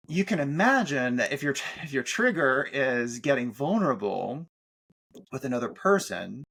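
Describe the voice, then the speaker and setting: A middle-aged man, a podcast guest and author, talking in animated conversation, often restarting his sentences and acting out what others said to him. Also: mid-range voice. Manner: animated, frequent restarts and "like", acts out quoted therapists. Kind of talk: conversational interview talk.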